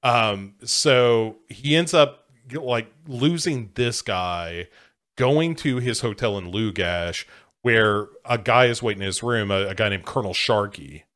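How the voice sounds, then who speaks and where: A man's voice: on the low side, unhurried, fairly bright tone. A man summarizing a film plot in casual talk, with many fillers.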